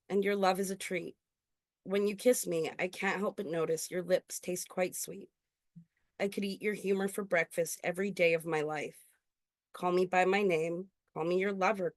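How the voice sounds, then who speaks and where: A woman performing her own spoken-word poetry at an open mic, earnest and intimate, slowing on key lines. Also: fairly low pitch, no room sound, clean studio sound. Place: indoor open mic venue.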